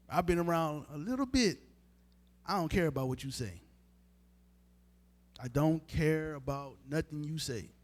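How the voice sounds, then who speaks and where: A man preaching a sermon in a casual, emphatic way, speaking straight to his listeners. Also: a little high. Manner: informal, emphatic, talks straight to the crowd. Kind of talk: street-style sermon teaching.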